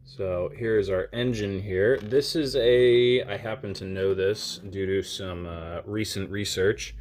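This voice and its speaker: A man's voice: low-pitched, slight background noise. A man casually talking through an unboxing, chatty and self-deprecating, thinking aloud with lots of fillers as he handles small parts at a desk. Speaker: diecast collector channel host.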